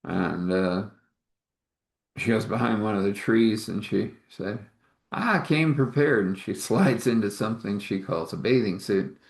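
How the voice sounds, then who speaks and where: Man narrator, lowish voice, halting improvised storytelling with acted-out dialogue, echoey room. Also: vocal fry, darkish tone. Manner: rambling, halting, acts out dialogue in shifting voices.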